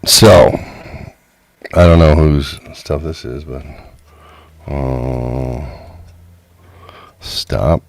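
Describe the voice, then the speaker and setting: A man's voice: extremely low pitch, extremely slow, pauses often, no room sound. A man co-hosting a casual talk show, chatting conversationally and often chiming in to agree. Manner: gravelly, conversational, frequent agreeing. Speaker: podcast co-host. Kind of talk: casual chat.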